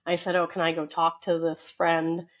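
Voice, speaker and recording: A woman co-hosting a casual podcast, talking on at length in a chatty, animated way. Her voice sits on the low side, and she keeps a story going with loose fillers. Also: moderate pace. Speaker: podcast co-host.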